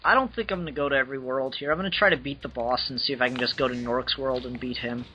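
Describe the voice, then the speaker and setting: A man's voice: medium pitch, quick pace, bright, forceful tone, muffled recording, soft background music. A man playing a video game, casually narrating his moves and swearing as he goes. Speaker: let's play player. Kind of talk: casual gameplay commentary.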